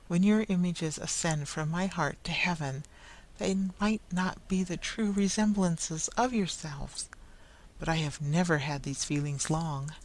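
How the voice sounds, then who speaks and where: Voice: mid-range voice, close to an everyday voice. A reader voicing a tender, grieving blind young woman who speaks with earnest pleading.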